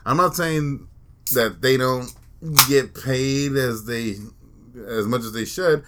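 A man's voice: medium pitch, slow pace, background noise. A man hosting a casual podcast chat, profane and opinionated, often laughing.

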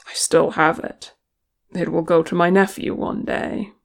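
A reader voicing a gruff, teasing male dwarf warrior who is tired and speaks bluntly, with a grumbling manner. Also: medium pitch, flat delivery, measured pace.

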